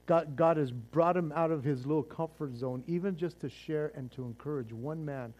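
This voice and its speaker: A man's voice: a little high, moderate pace, darkish tone. A man preaching a sermon as pastor, fervent and casual, often repeating words as he restarts.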